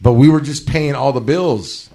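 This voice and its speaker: A man's voice: mid-range voice, moderate pace, gravelly, warm tone. A man hosting a podcast, telling stories in casual, profane slang. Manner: profane, storytelling, streetwise slang. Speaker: podcast host. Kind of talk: casual chat.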